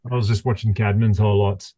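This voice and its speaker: Aussie co-host, low voice, relaxed, drops the odd swear, dry close mic. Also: male voice, brisk, no echo. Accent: Australian. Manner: laid-back, swears casually. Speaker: podcast co-host. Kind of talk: casual chat.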